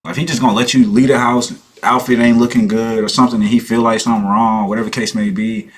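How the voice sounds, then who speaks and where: A man's voice: medium pitch, level tone, quick pace, slightly rough. A man hosting a reaction video, chatting casually and mimicking the people he watches.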